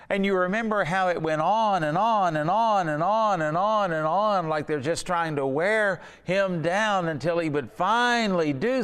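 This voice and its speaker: A man's voice: on the high side, smooth. Preaching man in a reverberant hall. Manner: earnest, conversational preaching with rhetorical questions. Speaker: pastor. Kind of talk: sermon.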